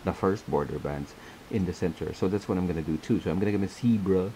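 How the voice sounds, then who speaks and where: A man with a low, relaxed voice talks through a craft tutorial step by step. He is chatty, laughs often and repeats his instructions as he works. A faint hiss sits under the recording. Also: fast, rough recording.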